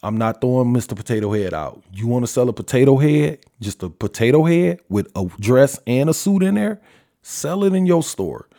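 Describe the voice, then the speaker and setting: A man's voice: medium pitch, lively intonation, moderate pace, vocal fry, warm tone. Blunt, profane man ranting on a podcast. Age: adult father. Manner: conversational, rhetorical questions. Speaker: podcast host. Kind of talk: solo opinion monologue.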